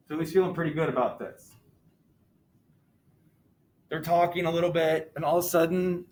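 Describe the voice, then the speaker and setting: A man's voice: fairly high pitch, a little hiss or hum, low-quality recording. A male teacher in a classroom, casually retelling a story and asking his students questions as he goes. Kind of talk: classroom lesson retelling a novel.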